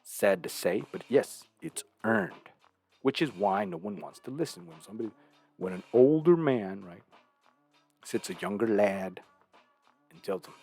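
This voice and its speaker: A man's voice: mid-range voice, big pitch swings, unhurried, gravelly, a little mellow, slightly rough, soft background music. A man hosting a casual monologue, preaching his views and asking "right?" again and again, sometimes acting out other people. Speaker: host.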